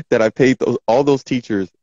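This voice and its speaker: A man's voice: medium pitch, warm tone, no echo. Joking man host on a dull mic. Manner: self-deprecating, joking, stumbles over names. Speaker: show host. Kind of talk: casual live-stream chat. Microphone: home microphone.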